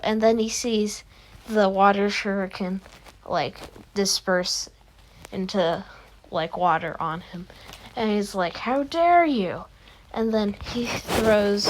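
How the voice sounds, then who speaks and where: Slow, rambling woman telling a story. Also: medium pitch, very noisy. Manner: rambling, with many fillers and restarts. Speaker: YouTube fan-story narrator. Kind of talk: casual unscripted storytelling.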